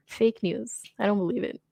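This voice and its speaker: A woman's voice: medium pitch, measured pace, vocal fry, mellow, husky, no echo. A young woman hosting a casual reaction commentary, sarcastic and rambling, often laughing as she talks. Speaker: commentary host.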